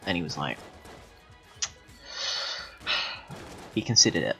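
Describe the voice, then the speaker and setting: Deep-voiced man telling absurd tales. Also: normal speed, soft background music. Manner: deadpan absurd storytelling with frequent swearing. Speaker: gaming video host. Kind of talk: rambling comedic gameplay commentary.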